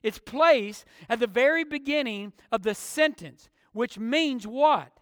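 A man's voice: very high voice, lively intonation, unhurried, fairly bright tone, no echo, studio quality, in a large hall. A man preaching a sermon as pastor, emphatic and full of rhetorical questions.

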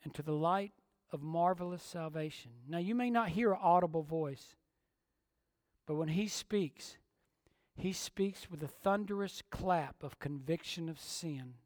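A man preaching a sermon with emphasis, moving between forceful declarations and hushed, quiet passages. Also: fairly high pitch, a little slow, no echo, studio quality.

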